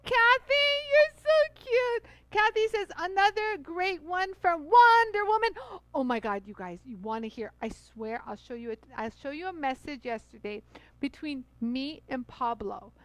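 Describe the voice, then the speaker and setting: Bubbly high-voiced woman hosting a live demo. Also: expressive, normal speed, dry recording, poor audio. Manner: bubbly, chatty, many fillers, addresses viewers as "you guys". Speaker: host of a live jewelry tool demo. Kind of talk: live-stream product demo.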